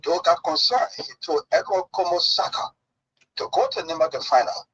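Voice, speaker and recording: Brief: husky male guest, dramatic storyteller, dull broadcast sound. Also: fairly high pitch, moderate pace, fairly bright tone, no echo. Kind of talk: casual chat, storytelling.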